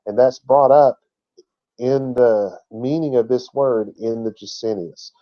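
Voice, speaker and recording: A man's voice: medium pitch, a little slow, lo-fi sound. A man giving an emphatic teaching talk who spells out words letter by letter. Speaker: Bible teacher.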